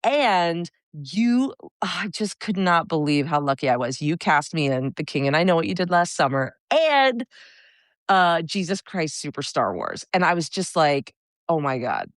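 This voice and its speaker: A woman's voice: lowish voice, very animated, unhurried, no room sound, studio quality. A woman, a comedic stage performer, chatting as an interview guest, telling self-mocking stories and laughing often. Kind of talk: casual interview chat.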